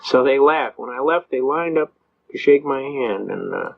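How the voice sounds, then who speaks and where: A man's voice: medium pitch, lively intonation, moderate pace, creaky. An older man speaking to an audience, folksy and storytelling, acting out the voices of people he quotes. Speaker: speaker on constitutional law. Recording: slightly dull lo-fi recording.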